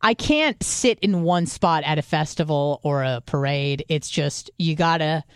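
A woman with a somewhat low voice talks casually as a podcast co-host. She swears freely and thinks aloud, restarting her sentences as she goes. The sound is dry and close, with no room around it. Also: lively intonation, measured pace, clean tone, no room sound. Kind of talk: casual chat.

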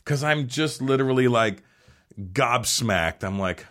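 A man's voice: mid-range voice, animated, a little slow, a bit bright. A man telling a long story casually as a podcast guest, acting out other people's lines and swearing freely.

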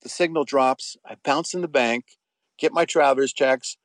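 With no room sound in the recording, a middle-aged former soap actor speaks at a normal speed in a mid-range voice. As a guest in a casual interview, he rambles anecdotally about his acting years, using many fillers and restarts.

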